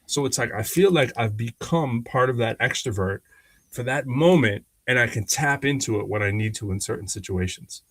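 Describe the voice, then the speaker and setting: A man's voice: medium pitch, normal speed, no echo. A man in mid-range tells stories on a podcast in an easygoing, conversational way, slipping into the voices of the people he quotes. The recording is dry and close, with no room sound. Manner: animated, acts out quoted voices, laughs often. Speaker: podcast co-host. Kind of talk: casual conversational storytelling.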